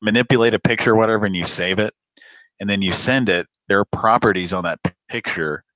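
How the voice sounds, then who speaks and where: Deep-voiced rambling male prank show host. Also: fast, a bit bright, no echo, rough recording. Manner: rambling, hesitant, laughs often. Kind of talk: casual live show chat.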